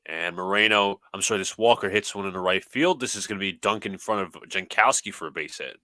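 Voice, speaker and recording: Low-voiced man calling the game. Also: fast, bright, forceful tone. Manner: announcer-like game calls mixed with offhand remarks. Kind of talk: mock play-by-play commentary.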